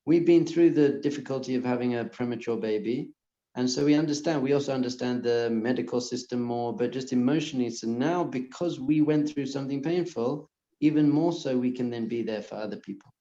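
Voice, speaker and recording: A man, a rabbi, giving an earnest class to a live audience and softly repeating calming phrases. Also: medium pitch, a little fast. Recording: muffled, echoey room.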